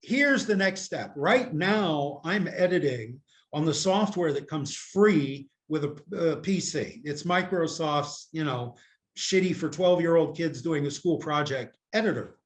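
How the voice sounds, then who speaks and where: On a casual video call, an older man from the US plays interview guest, rambling through stories at a measured pace and with plenty of expression. He teases himself often and says "you know" again and again. His somewhat high voice is captured by the laptop camera's microphone.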